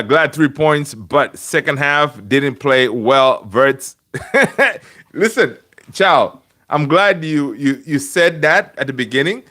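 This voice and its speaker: A man's voice: medium pitch, fairly bright tone. A man hosting a casual football fan livestream from home, chatty and rambling, greeting viewers and answering the chat. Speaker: fan channel host. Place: home room.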